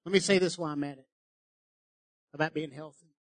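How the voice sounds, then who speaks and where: Middle-aged male pastor, high voice, dry close sound, preaches with fervor then drops to a hush. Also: steady tone, a little fast, no echo, rough recording. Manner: impassioned, shifts from loud exhortation to hushed intimacy. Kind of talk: sermon.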